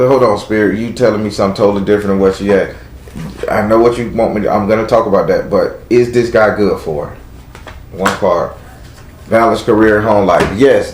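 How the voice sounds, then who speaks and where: A man's voice: on the low side, reverberant, low-quality recording. A man with a Southern US accent giving a live tarot reading to a caller, blunt and chatty, talking aloud to spirits as he goes. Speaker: tarot reader.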